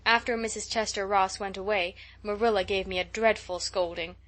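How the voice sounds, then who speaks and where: Audiobook: woman reading a dramatic, gushing girl, mid-pitched voice. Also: steady tone, moderate pace, a bit bright, lightly acted. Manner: gushing, breathless storytelling. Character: chatty imaginative young girl, dramatic and excitable.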